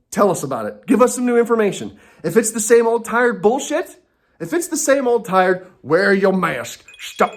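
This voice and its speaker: A man delivering an angry, profane and sarcastic comedy rant from home, talking to himself and breaking off mid-thought. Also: high-pitched. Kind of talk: ranting comedy monologue.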